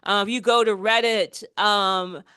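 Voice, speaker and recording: A woman hosting a casual political chat, animated and quick to mock the voices she quotes. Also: mid-range voice, clear, resonant tone, no room sound, clean studio sound. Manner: animated, mocking quoted voices, frequent restarts. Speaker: podcast host.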